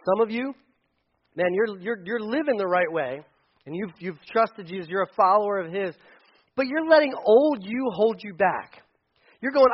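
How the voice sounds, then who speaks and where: A man preaching a sermon to his church, animated and conversational, often restarting his phrases and acting out voices. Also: sits high, normal speed, muffled recording. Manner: animated, acts out voices in quotes, frequent restarts. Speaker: pastor. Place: church sanctuary.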